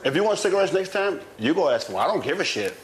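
A man's voice: fairly high pitch, very animated, fast, echoey room, slight background noise. A man arguing heatedly in a shared house, taunting and cursing, repeating his challenges. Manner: taunting, profane, repeats himself. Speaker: reality show housemate. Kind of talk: heated argument. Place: large room in a house.

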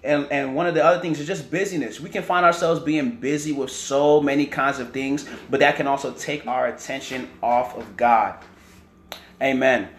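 A man's voice: medium pitch, steady tone, moderate pace, reverberant, a little hiss or hum. A man preaching a teaching sermon, often repeating words and checking in with "right?" and "amen".

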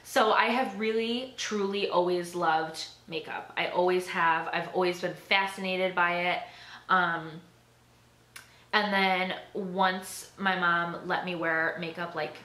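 Young woman rambling and giggling on her vlog, bright tone, roomy echo. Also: fairly low pitch. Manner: chatty, giggly, lots of "like" and "um". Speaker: beauty vlogger. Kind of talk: casual chat to camera.

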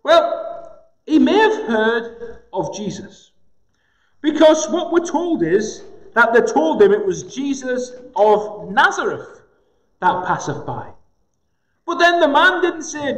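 A man preaching a sermon in a gospel hall, slow and emphatic with dramatic pauses. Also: extremely high pitch, big pitch swings, fairly bright tone. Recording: echoey hall with long reverb.

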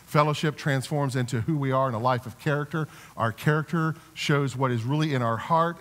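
A man preaching a sermon as a pastor, earnest, with repeated restarts, building to emphatic exhortations. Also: medium pitch. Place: church sanctuary. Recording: reverberant church sanctuary.

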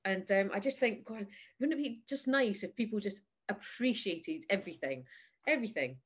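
A woman's voice: medium pitch, expressive, normal speed, slightly rough. A woman, a guest telling stories in casual chat, laughing often and acting out the people in her anecdotes. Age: 50s. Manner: chatty storyteller, laughs often, acts out voices in anecdotes.

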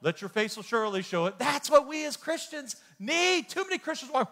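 A man leads a church Bible study with a high, bright voice that leaps up and down in pitch. He jokes, exclaims, and repeats himself as he teaches. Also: fast, few pauses. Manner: animated, jokey, exclaims and repeats words. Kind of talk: lively sermon-style teaching. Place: church hall.

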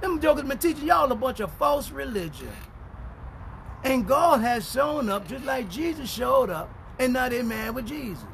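A male pastor with a strikingly high, gravelly voice gives a street-style Bible teaching in an animated, preachy manner. He drops into quiet muttered asides, then rises to shouts as he reads scripture in slow, emphatic bursts, over a faint hum of noise.

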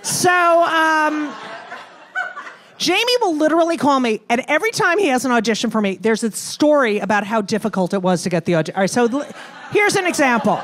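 A woman performing a stand-up comedy set, telling a story in a brash, profane, animated way. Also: high-pitched, moderate pace, slight background noise. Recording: live club set with faint audience.

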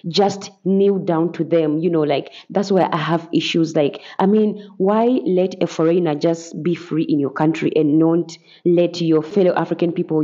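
A woman's voice: on the low side, warm tone, dull audio. A woman hosting a reaction video, giving earnest, reflective casual commentary, often saying "like". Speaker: reaction channel host.

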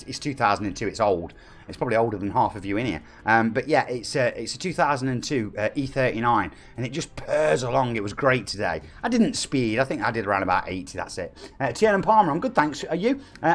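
A man in his forties with an East Midlands English accent, chatting upbeat with viewers and reading out their names during a live game stream. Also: medium pitch. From England. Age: 40s.

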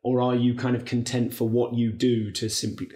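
A man hosting a comedy podcast interview, with a voice of middling pitch for a man. He asks his questions in a measured, thoughtful way. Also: flat delivery, dark tone. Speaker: podcast host.

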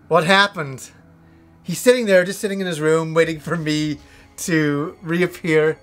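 Animated, swearing man telling game stories. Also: a little high, a little slow, pauses often, soft background music. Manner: animated, profane, excitable storytelling. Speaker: video game reviewer. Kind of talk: casual storytelling review.

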